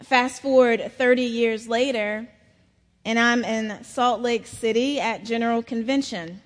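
Woman preacher, middle-aged, slow unhurried storytelling, slightly high voice, long church reverb. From South Carolina, US. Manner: slow, storytelling sermon delivery. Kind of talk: sermon. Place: large church.

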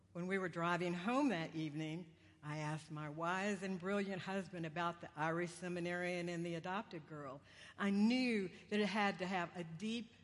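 A woman preacher giving a sermon in a conversational, self-deprecating way, with wandering humorous asides. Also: lowish voice. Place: church sanctuary. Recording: long church reverb.

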